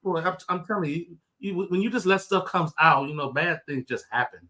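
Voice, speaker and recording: A man's voice: a little high, brisk, bright, forceful tone. A man guest on a casual live stream who is joking and rambling, with many restarts, heard over a video call. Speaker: guest travel creator.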